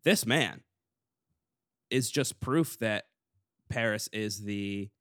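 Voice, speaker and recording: A young male host talking casually, cracking jokes and swearing lightly as he reacts. His voice sits at an ordinary pitch. The recording is dry and close. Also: slow, fairly bright tone, no room sound. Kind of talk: casual chat.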